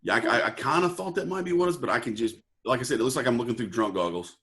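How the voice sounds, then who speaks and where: A man's voice: medium pitch, expressive, rapid-fire, sharp tone. A young man, a student on a video call, talking casually and laid-back with lots of likes and ums. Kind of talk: casual chat.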